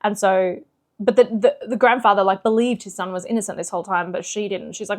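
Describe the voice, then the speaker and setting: A woman book vlogger in casual chat, chatty and animated with lots of fillers. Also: medium pitch, fairly quick. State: slightly out of breath.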